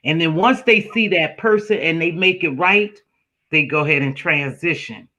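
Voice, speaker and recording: A man hosts a casual online panel chat over a video call, reflecting aloud and speaking directly to his viewers. His voice is a little high and sharp-toned at a normal speed, with lo-fi sound.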